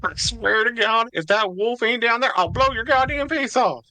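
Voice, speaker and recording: A man's voice: very high-pitched, moderate pace, bright, forceful tone, a little hiss or hum, heavily acted. A man voicing a crude, foul-mouthed male weasel thug with a grating, nasal voice. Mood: threatening. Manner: profane, threatening.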